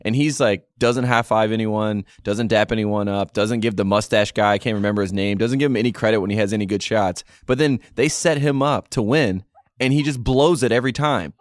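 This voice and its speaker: A man's voice: lowish voice, fairly even intonation, brisk, no echo, clean studio sound. A man co-hosting a casual sports podcast, ranting in exasperated complaints. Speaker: podcast co-host.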